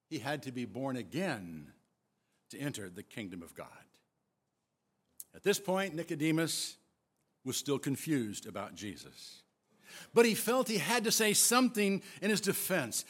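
A male pastor delivers a sermon in a fairly high voice. He speaks slowly and deliberately. His pitch swings widely as he stresses words for emphasis. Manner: expressive, emphatic storytelling.

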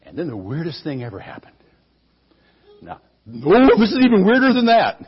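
Man, playful storyteller, high voice, animated, asks the audience questions. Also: moderate pace, husky, lo-fi sound. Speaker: storyteller for children.

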